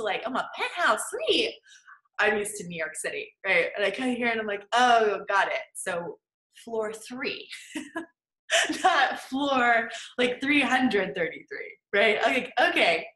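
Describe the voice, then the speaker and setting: A woman's voice: a little high, pushed and bright. A woman manifesting coach teaching in a casual, chatty way, tagging her points with "right?" and "okay?". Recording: echoey room.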